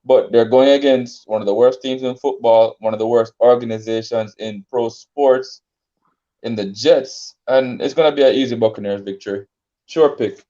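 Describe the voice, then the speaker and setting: A man with a mellow, darker voice talks through football picks in an unhurried, easygoing way. He stops and restarts often, filling gaps with ums. The audio is a bit muffled and lo-fi. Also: medium pitch, fairly even intonation. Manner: laid-back, hesitant with many ums and restarts. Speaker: sports podcast co-host. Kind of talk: casual sports debate.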